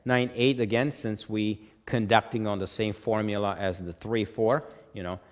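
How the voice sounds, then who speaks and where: A lower-voiced man teaches music notation in a patient, step-by-step way, counting beats aloud and sounding out rhythms on "ta". He keeps checking in with "okay?" as he goes. His voice carries a long reverb, like a hard-walled room. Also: fairly even intonation, normal speed. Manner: chants rhythms on "ta". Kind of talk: whiteboard lesson.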